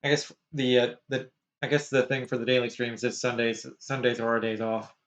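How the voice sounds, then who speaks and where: A man's voice: medium pitch, steady tone, a little fast, fairly bright tone. A man chatting on a game stream, dry and teasing, stumbling through a sign-off. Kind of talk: casual game stream chat. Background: music.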